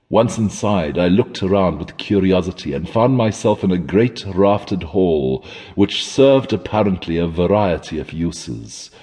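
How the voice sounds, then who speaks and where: A man narrating a classic horror story in a measured, dramatic storytelling manner. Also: low voice, warm tone, slightly rough, long reverb tail. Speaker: audiobook narrator.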